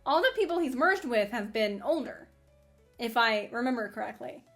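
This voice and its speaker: A woman hosting a casual anime fan commentary, rambling in an animated way with frequent laughs and restarts. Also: fairly high pitch, moderate pace, gravelly, faint music behind.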